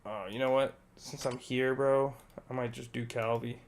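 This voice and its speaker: A man's voice: medium pitch, flat delivery, normal speed. A young man streaming a game and chatting casually, laid-back and heavy on filler words like "bro". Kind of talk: casual chat while gaming.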